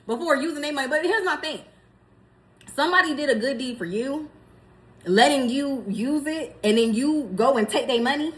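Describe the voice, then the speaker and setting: High-voiced young woman doing a storytime vlog, super animated, laughs a lot. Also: moderate pace. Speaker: vlogger. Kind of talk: casual storytime.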